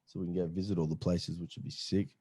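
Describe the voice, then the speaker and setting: A man's voice: deep voice, flat delivery, fast talker, dark tone, breathy edge, dry recording. A man hosting a podcast, asking the guest questions in a casual chat with short back-channel replies. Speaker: podcast host.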